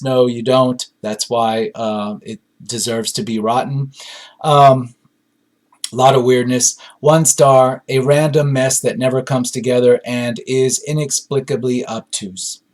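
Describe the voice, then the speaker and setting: A man casually reviewing a film on his own, reading out audience reviews and talking with lots of fillers. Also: medium pitch. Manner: rambling, frequent fillers and hedges.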